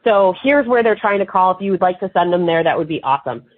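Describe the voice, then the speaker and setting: A woman with a husky, breathy voice tells lively anecdotes as an interview guest, jumping into quoted voices as she goes. The sound is thin and tinny, like a phone line. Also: fairly low pitch, fast talker. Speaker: marketing expert guest. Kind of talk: casual interview storytelling.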